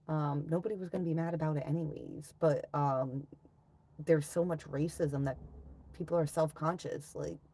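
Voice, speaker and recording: A young woman hosts a casual livestream, bluntly ranting with plenty of profanity as she reads comments. Her voice is low and gravelly with a warm tone.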